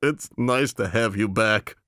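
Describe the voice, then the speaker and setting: A man's voice: fairly low pitch, a little slow, sharp tone, no echo, studio quality. A man voicing a big, tough woman who sounds childlike, sullen and pleading, in a storybook reading. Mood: sulky, childlike.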